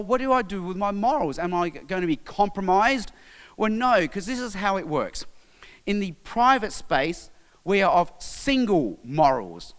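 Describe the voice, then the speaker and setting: Australian male speaker, higher voice, clear and resonant, emphatic, long hall reverb. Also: a bit bright. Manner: emphatic, listing words with pauses. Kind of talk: sermon-style talk.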